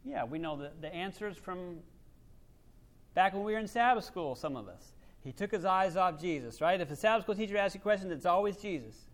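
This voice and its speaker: This high-voiced male pastor delivers his sermon fairly quickly, his intonation lively and his manner animated. Booming, emphatic statements give way to soft, near-whispered asides, and he slips into other people's voices as he quotes them to make his case.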